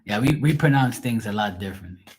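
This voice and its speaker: A middle-aged Bermudian man with a husky, somewhat low voice, chatting loosely to a livestream audience. He rambles from one point to the next, swears freely and laughs often. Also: expressive, fast. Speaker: tarot reader. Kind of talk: casual livestream chat.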